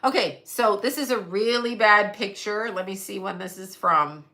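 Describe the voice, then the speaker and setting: A woman's voice: medium pitch, moderate pace, bright, forceful tone. A middle-aged woman hosting a casual livestream, venting bluntly with profanity and reading viewer comments aloud. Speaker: livestream host. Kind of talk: casual live chat.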